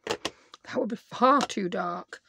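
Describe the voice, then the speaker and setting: Croaky woman crafting. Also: mid-range voice, takes it slowly, sharp tone, slight background noise. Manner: chatty, thinks aloud while she works. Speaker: craft video host. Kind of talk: chatty crafting tutorial. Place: home craft desk.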